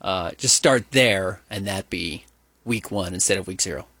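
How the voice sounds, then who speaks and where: A man co-hosting a sports talk show, opinionated and animated, rambling with fillers as he argues his point. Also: low-pitched, normal speed, husky, dry recording. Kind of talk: casual sports radio banter.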